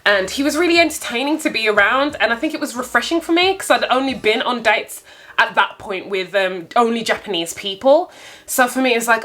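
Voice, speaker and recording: Young woman, bright, slightly high voice; animated storytime vlogger, candid, laughs a lot. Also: fast. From United Kingdom. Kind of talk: casual storytime.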